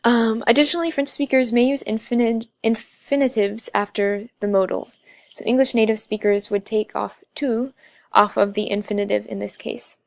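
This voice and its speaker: A woman's voice: a little high, steady tone, moderate pace, vocal fry, a little mellow, dry recording. A young woman narrating a class slide presentation, explaining step by step with frequent filler sounds. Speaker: student presenter.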